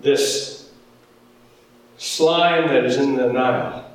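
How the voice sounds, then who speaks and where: A man pastor preaching a sermon, animated and jokey, acting out the characters in the story. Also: medium pitch, extremely slow. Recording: echoey hall from far off.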